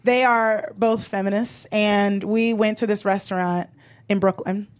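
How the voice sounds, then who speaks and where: A woman co-hosting a live comedy podcast, telling stories in a casual, animated way, swearing freely and acting out the people in them. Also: mid-range voice, measured pace. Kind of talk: casual comic storytelling before a live audience.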